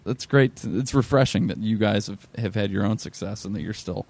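A man speaking as a podcast guest, sharing anecdotes in a relaxed, joking manner. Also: on the low side, a little fast, vocal fry. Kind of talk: casual chat.

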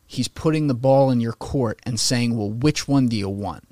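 Man, casual podcast talk, opinionated, animated, mid pitch, dry close sound. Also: normal speed, no echo. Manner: animated, opinionated, swearing, putting on mocking voices for quotes.

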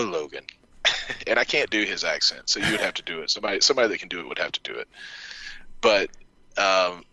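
A man with a very bright, forceful voice tells a story on a podcast. He talks casually, swears and laughs along. The sound is close and dry. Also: low voice, dry recording, highs cut off. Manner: animated anecdote-telling, swearing, laughing. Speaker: podcast co-host.

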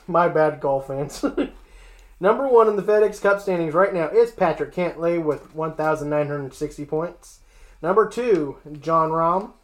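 A middle-pitched sports show host runs through ranking lists in a plain, casual reading voice. Small jokes and asides break up the lists.

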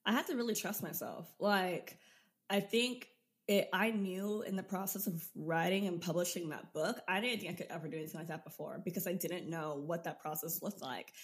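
A young woman in her twenties, a podcast guest and business coach, telling her own story in a lively way and laughing often. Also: fairly low pitch, brisk. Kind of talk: casual storytelling interview.

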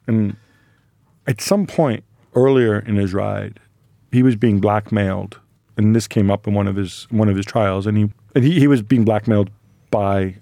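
A man's voice: fairly low pitch, dark tone, dry recording. A man co-hosting a football podcast in casual chat, telling stories with a wry, joking manner. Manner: wry, storytelling, laughs at his own jokes. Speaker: podcast co-host.

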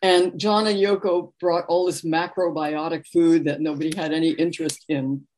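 A middle-aged woman, a book author and interview guest, telling lively anecdotes in a relaxed conversational way. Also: low-pitched, normal speed. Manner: animated anecdotal storyteller, warm laughs.

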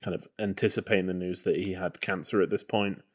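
Speaking a little fast in a low, fairly level voice, a man co-hosting a podcast chats casually about an old movie for a film-review segment. His talk is loose, with lots of fillers and hedging.

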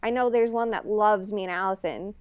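A woman's voice: medium pitch, fairly quick, clean tone, no room sound. Woman, blunt sports journalist, close dry sound, casual panel talk with lots of fillers. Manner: candid, blunt, filler-heavy.

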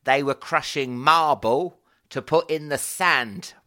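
A man hosting a podcast, telling anecdotes in casual chat with quick laughs. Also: a little high, bright, forceful tone. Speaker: podcast host.

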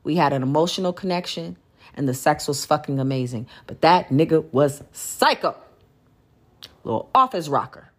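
A woman's voice: low-pitched, lively intonation, moderate pace. Woman podcast host, blunt and profane, emphatic venting monologue. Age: adult. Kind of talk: candid solo podcast venting.

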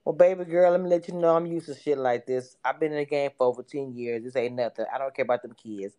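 A woman's voice: very deep voice, fast, mellow. Brash woman hosting a chat. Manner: brash, swearing, teasing. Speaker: space host. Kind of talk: casual chat.

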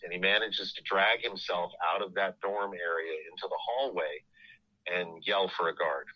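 A middle-aged man hosting a podcast, telling a family story in a halting, casual way full of restarts. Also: low-pitched, muffled recording.

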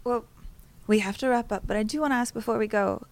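A woman's voice: on the high side, fast. A woman hosting a podcast, asking questions conversationally and reading a friendly sign-off. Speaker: podcast host. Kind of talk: podcast interview and outro.

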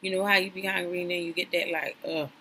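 A woman's voice: on the low side, level tone, fast, bright, forceful tone, poor audio. Sassy woman recapping reality TV. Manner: sassy, chatty, addresses viewers as y'all. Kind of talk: casual reaction commentary.

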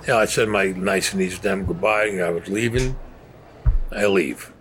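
A man's voice: deep voice, moderate pace, fairly bright tone, slight background noise. An older man telling his own crime story in an interview, in blunt, profane street talk. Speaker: former mobster interviewee.

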